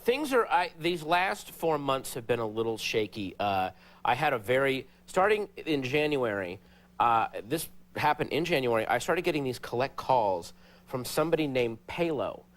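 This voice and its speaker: A man on a late-night talk show, telling a comic story with animated delivery and sudden high shouted impressions. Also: moderate pace. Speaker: comedian guest.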